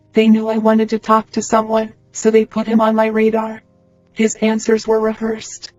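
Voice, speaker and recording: A wary young rebel woman, as a male narrator puts her on in a high, strained voice, clipped and knowing. She sounds paranoid and guarded, on a slightly muffled, lo-fi recording. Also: darkish tone, no room sound.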